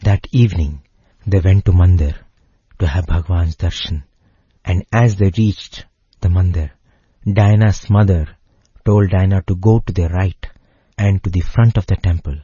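A man narrating a devotional story in a measured way, pausing phrase by phrase. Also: low-pitched, fairly even intonation, mellow, breathy edge, no echo, lo-fi sound.

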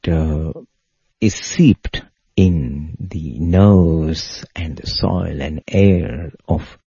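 A man voicing a calm, devoted older mother who speaks in a gentle, unhurried way. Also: extremely low pitch, vocal fry, husky, no room sound, voice pushed down, full character voice. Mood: reflective. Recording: dull lo-fi recording.

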